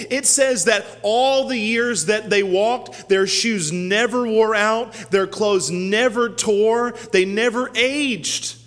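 A high-pitched male pastor preaches with dramatic swings, building loud and high, then falling to a soft, low hush. He voices the people in the story as he goes. His voice rings out with a long reverb, as in a large sanctuary. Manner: dynamic preaching, voice rising to peaks then dropping low and quiet; acts out quoted speech. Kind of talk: sermon.

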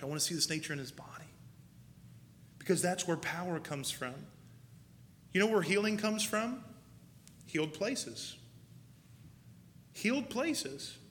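A man's voice: on the high side, fairly bright tone. A man preaching a sermon in a church, folksy and emphatic, laughing at himself now and then. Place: church sanctuary. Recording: hall reverb, faint noise.

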